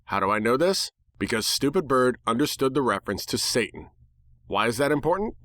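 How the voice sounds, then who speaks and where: A man's voice: fairly low pitch, a bit bright, no room sound, clean studio sound. A man giving a dramatic reading of a fan-written story, narrating in the first person with a wry, sarcastic edge.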